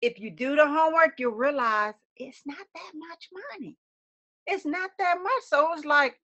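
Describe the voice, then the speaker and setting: A woman's voice: high-pitched, expressive, moderate pace, pushed and bright, highs cut off. A woman co-hosting a webcast, chatting casually to viewers and acting out quotes with lots of laughter. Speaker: webcast co-host.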